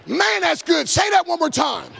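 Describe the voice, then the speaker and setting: A man, an evangelist giving an energetic motivational talk to a live audience, with shouted call-and-response. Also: very high voice, normal speed, vocal fry, slight background noise. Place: large room before a live audience.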